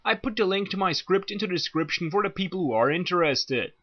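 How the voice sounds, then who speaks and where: A man's voice: sits high, lively intonation, fast talker. A man chatting casually to his viewers as an anime reviewer, joking, crude and sarcastic, in a dull lo-fi recording. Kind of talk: casual video chat.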